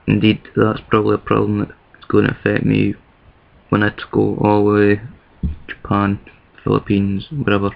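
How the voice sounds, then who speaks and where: A man from the east of Scotland, speaking with a Scottish accent, rambles and thinks aloud in a casual talking-to-camera vlog with many restarts. His voice is on the low side with vocal fry, and the recording is muffled.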